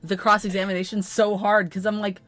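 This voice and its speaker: A woman's voice: mid-range voice, flat delivery, a little fast, fairly bright tone, dry recording. A woman streamer in casual, playful banter while playing a game, giggling often.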